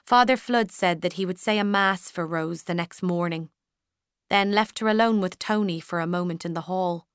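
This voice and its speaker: A woman narrating a storybook in a measured, even manner, close to the mic. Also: lowish voice, clean tone, no room sound. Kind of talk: scripted audiobook narration.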